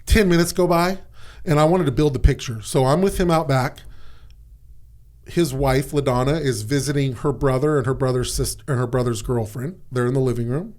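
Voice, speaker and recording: A man's voice: medium pitch, fairly quick, darkish tone. A man, the podcast guest, telling personal stories in a casual, candid way, swearing and dropping "man" and "dude".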